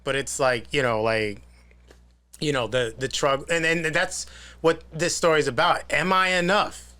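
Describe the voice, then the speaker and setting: A man talking as a film director guest in a casual podcast chat, animated and swearing freely. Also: a little high, a little slow.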